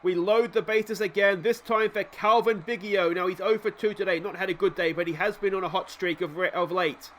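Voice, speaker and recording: A man commentating his own baseball video game as a let's play host, cheering his players on and swinging between gloom and excited shouting. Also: high voice, a little fast, few pauses, slight background noise. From Australia.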